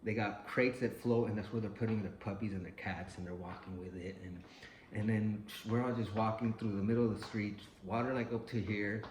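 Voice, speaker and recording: A man's voice: on the low side, fairly even intonation, fairly quick, a little mellow, echoey room, a little hiss or hum, poor audio. A man telling a personal story in a loose, profane way, full of "like" and acted-out quotes.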